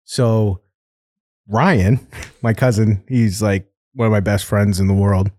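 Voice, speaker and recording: A man's voice: lowish voice, takes it slowly. Laughing man telling a story. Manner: swearing, laughing often, animated retelling. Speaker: podcast host. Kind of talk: casual chat, storytelling.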